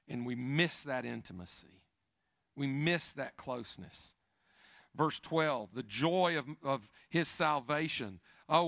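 A male pastor preaching a sermon, building repeated questions to loud emphatic peaks, then dropping to a quiet, confessional low voice. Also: vocal fry, dry recording, clean studio sound. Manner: repetitive, building lists of questions.

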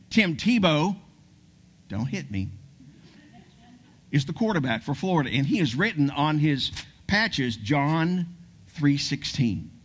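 A man preaching a sermon, telling a story with animation and dropping to a hushed near-whisper to stress key points. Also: on the high side. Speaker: pastor.

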